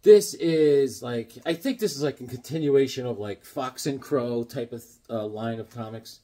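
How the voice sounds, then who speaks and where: With a dark, mid-range voice at a normal speed, a middle-aged collector shows off his comics in a casual vlog chat. He's a rambling storyteller who keeps wandering into jokes.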